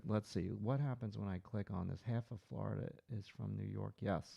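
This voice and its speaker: A man with a low, gravelly voice teaches portrait drawing on a live stream. He thinks aloud as he works and answers viewers in the chat. The sound is close and dry. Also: moderate pace, hardly any pauses, no echo, highs cut off. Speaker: art instructor hosting a live stream.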